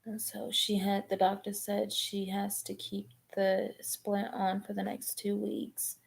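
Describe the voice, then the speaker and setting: Slow, gravelly woman chatting. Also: mid-range voice, completely flat delivery. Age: 20s. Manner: rambling, halting with many ums and restarts. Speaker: live streamer. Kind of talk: casual live-stream chat.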